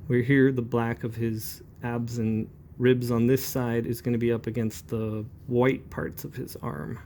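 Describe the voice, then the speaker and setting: Mellow-voiced man talking through inking. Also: medium pitch, unhurried, slight background noise. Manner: relaxed, rambling, calm and chatty. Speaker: comic book inker. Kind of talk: talking while demonstrating brush inking.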